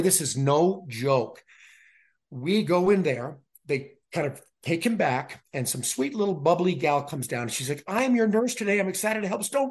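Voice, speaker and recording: A middle-aged man talking candidly as a podcast guest, earnest and animated as he retells events. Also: mid-range voice, slightly rough. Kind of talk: candid conversational storytelling.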